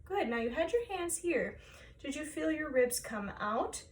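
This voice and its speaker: A woman choir director guiding singers through breathing and vocal warm-up exercises, encouraging them step by step. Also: high voice, very animated, a little slow, far from the mic, a little hiss or hum.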